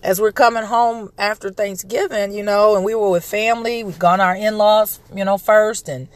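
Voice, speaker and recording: A woman's voice: medium pitch, steady tone, normal speed, dry recording. Woman in her thirties, casual podcast host, slightly congested voice, dry close recording. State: recovering from a respiratory illness, throat clearing. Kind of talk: casual monologue.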